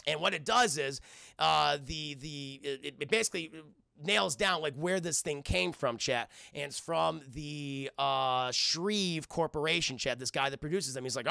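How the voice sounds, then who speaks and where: Gravelly, profane man recapping for chat. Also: on the high side, a little slow, pushed and bright, no echo, clean studio sound. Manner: rambling, profane, keeps addressing chat. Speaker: streamer and cartoon reviewer. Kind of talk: casual livestream recap.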